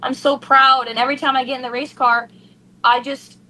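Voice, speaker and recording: A woman's voice: high voice, fairly quick, a little hiss or hum, rough recording. A young woman racing driver, gushing and tearful in an emotional post-race interview. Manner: excited, gushing, breathless with emotion.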